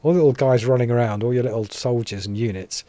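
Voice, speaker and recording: A man's voice: medium pitch, fast, dark tone, dry recording. An English man giving casual, chatty gameplay commentary, wry and a little grumbling. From England.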